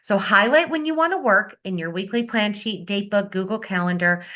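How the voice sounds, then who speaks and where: A woman beauty consultant giving an upbeat, energetic sales-training talk on a video call, repeating her key advice. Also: medium pitch, moderate pace. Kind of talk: coaching talk on a video meeting.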